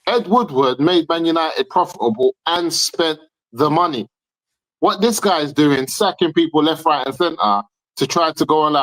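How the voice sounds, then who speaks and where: A man's voice: on the high side, moderate pace, poor audio. Emphatic man arguing about football. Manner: emphatic, repeats his points. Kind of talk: heated football debate.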